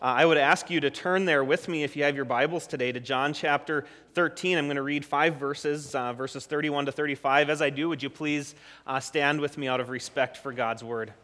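A man leading a children's sermon as a pastor, gentle and encouraging, often restarting his sentences. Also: fairly high pitch, steady tone, moderate pace, big-room sound. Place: church sanctuary.

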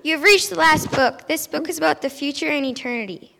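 A woman playing a stern but kindly male prophet who declaims slowly in an amateur stage play. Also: high-pitched, creaky, bright, forceful tone, exaggerated voice. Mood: solemn. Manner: slow, declaiming, preachy. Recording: long hall reverb.

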